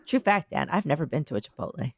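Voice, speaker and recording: A woman's voice: low-pitched, animated, quick pace, gravelly, dry recording, clean studio sound. A woman podcast co-host with an occasional Philadelphia accent, telling rambling stories in casual chat. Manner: rambling storyteller, many restarts.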